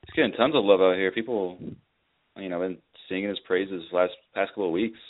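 Deep-voiced man over a phone line. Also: brisk. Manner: relaxed, filler-heavy. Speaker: show regular. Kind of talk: casual sports talk.

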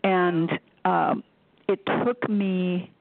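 A woman's voice: lowish voice, steady tone, extremely slow, no room sound. Woman telling a story over a tinny phone line. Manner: recounts with quoted dialogue, frequent fillers. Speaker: psychic medium guest. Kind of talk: personal storytelling.

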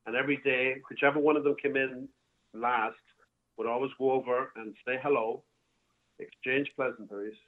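Speaking over a tinny phone line from his home, a man who owns a bar spins a long, meandering story as a guest. His voice is mid-range and steady, at a moderate pace, and he keeps restarting and using fillers.

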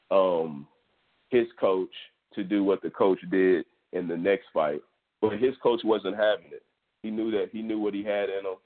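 Texan dude rambling about a fight, cussing a lot, low voice. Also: male voice. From Texas, US. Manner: loose, profane sports storytelling. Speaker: podcast host. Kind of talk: casual monologue. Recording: tinny phone-like audio.

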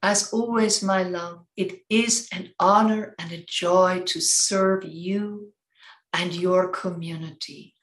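A woman's voice: lowish voice, fairly even intonation. Mother Mary, as a woman channels a serene spirit. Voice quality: slow, gentle and soothing. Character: serene female divine spirit, loving mother. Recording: roomy echo.

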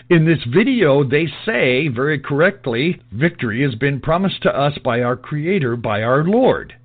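A man delivering an emphatic, repetitive monologue in a preachy lecturing style. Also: medium pitch. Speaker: political commentator. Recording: tinny phone-like audio.

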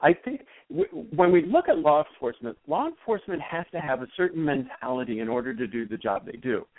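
A man speaking as an expert guest in a radio interview, explaining in an animated way and acting out example exchanges. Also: fairly high pitch, brisk, no echo. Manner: animated, acts out example dialogue. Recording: tinny phone-line sound, dry.

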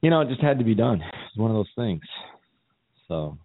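A man's voice: on the low side, sing-song, moderate pace, slightly rough, phone-quality sound. A middle-aged man hosting a podcast in casual chat, fighting a cold and joking at his own expense. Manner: joking, self-mocking. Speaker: podcast host.

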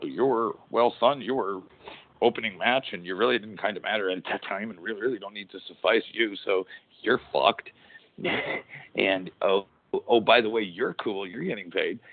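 Deep-voiced rambling man on a tinny line. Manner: rambling, profane, restarts mid-sentence. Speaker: podcast host, former pro wrestler. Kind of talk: casual chat. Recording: tinny phone-like audio.

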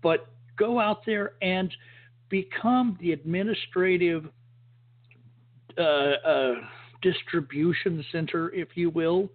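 A man's voice: sits high, takes it slowly. A man hosting a casual podcast chat, rambling and acting out the voices in his stories. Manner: rambling, acts out quoted voices. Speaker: podcast host. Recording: phone-like audio.

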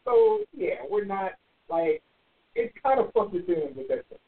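A man's voice: sits high, wildly swooping pitch, moderate pace. A man co-hosting a podcast in casual chat, agreeable and chiming in with short remarks. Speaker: podcast co-host. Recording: tinny phone-like audio.

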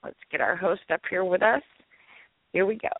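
A woman's voice: fairly low pitch, normal speed, breathy edge, no echo. Easily amused female co-host with a cold, near-tearful; dry, narrow phone-line audio. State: sick, congested, tearful-sounding. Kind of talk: casual talk-radio chat.

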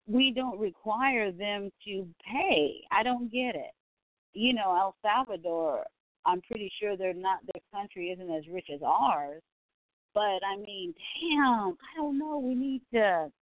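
A woman's voice: mid-range voice, no echo. A woman hosting a casual live stream from home, chatty and blunt, laughing often and swearing freely as she reads viewer comments. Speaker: livestream host reading viewer comments. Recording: tinny phone-like, dry sound.

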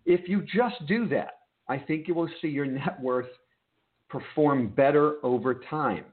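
A man's voice: fairly high pitch, measured pace. A man hosting a trading desk meeting, explaining market lessons in an emphatic way and checking in with listeners by asking "okay?". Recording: narrow phone-like audio.

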